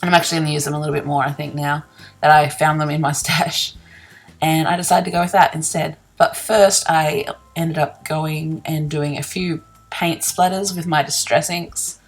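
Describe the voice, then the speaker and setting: A woman's voice: sits low, steady tone, moderate pace. A woman casually narrating her scrapbooking process in a chatty, self-deprecating way, laughing often and yawning early in the morning. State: sleepy, yawning. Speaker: scrapbooking vlogger.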